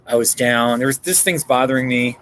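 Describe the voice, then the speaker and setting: A man's voice: mid-range voice, a little fast, noisy background. A man chatting casually on a live stream from a coffee shop, rambling and answering viewer comments. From Colorado.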